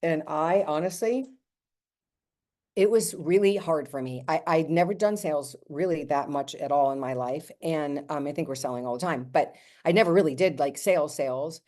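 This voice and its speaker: Chatty, lower-voiced woman telling her story. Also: normal speed. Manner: chatty and animated, acts out quoted dialogue, speaks straight to listeners. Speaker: network marketing team leader. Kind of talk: motivational storytelling on a team call.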